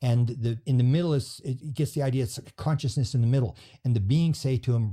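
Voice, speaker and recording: A man being interviewed as a guest, telling stories quickly and acting out the people he quotes. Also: mid-range voice, warm tone. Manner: rapid storytelling, acting out quoted voices. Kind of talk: storytelling in a podcast interview.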